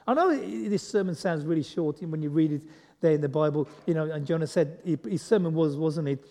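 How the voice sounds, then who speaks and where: A man whose voice sits fairly high and sounds warm preaches as a guest, moving along fairly quickly. He keeps things conversational, asking the congregation questions and making fun of himself, with a large hall's long echo behind him.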